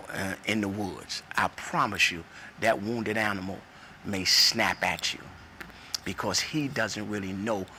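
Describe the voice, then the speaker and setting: A man's voice: fairly low pitch, pushed and bright, a little hiss or hum. A man in his forties giving an earnest, preacherly personal testimony, repeating phrases for emphasis and telling a parable. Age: 40s. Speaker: speaker sharing his testimony.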